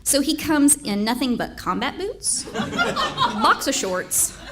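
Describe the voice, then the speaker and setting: Storyteller, woman, lively and higher-pitched, laughs as she goes, salty language. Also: slow. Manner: animated, laughs between lines, swears freely. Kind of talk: live competitive storytelling.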